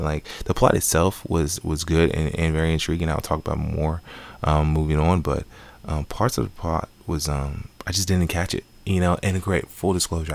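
A man's voice: rumbling low, vocal fry, darkish tone. A man giving a casual, rambling spoken movie review with many fillers and restarts. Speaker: film reviewer.

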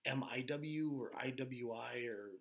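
A man's voice: mid-range voice, fairly even intonation, a little slow, a bit bright. A man, a former pro wrestler, rambling through stories in casual podcast chat with lots of fillers and laughter.

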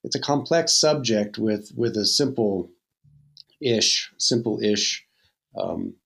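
A man, a priest, hosting a podcast with a measured delivery and a dry, sarcastic humor. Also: on the low side, animated, gravelly, a bit bright. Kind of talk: podcast hosting, casual chat.

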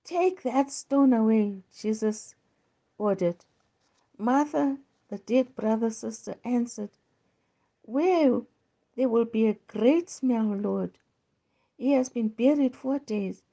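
A woman hosting a devotional, slowly reading Bible passages aloud with small stumbles. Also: fairly high pitch, mellow. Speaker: devotional host. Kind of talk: slow scripture reading.

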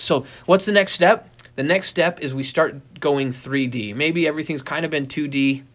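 A middle-aged man giving a casual talk on dog training. He tells stories with energy, often restarts his sentences and uses many fillers. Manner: animated storyteller, acts out quoted voices in a high pitch; rambling with frequent restarts and fillers.

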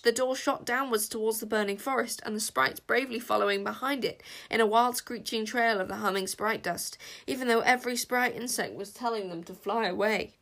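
A woman narrating a children's storybook in a lively, dramatic way, addressing the listener directly. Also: a little high, normal speed, few pauses. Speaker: audiobook narrator.

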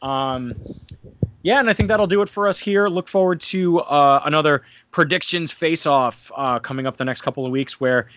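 This co-host of a casual podcast review, who is also a wrestling promoter, chats loosely and leans heavily on "I mean" and "like." His voice is fairly high and a bit bright, at normal speed. The audio has no room sound, and the highs are cut off.

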